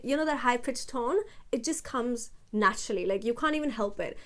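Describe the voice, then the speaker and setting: A young woman chats straight into her phone camera for her channel. She sits a little above the usual pitch for a woman, yet she talks slowly and steadily, with a deliberate and slightly heavy delivery. Her sentences are loose and full of "like" and "you know". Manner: slow, steady, deliberate talk with a heavier low voice; chatty, with many fillers like "like" and "you know". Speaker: YouTuber. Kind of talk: casual vlog monologue.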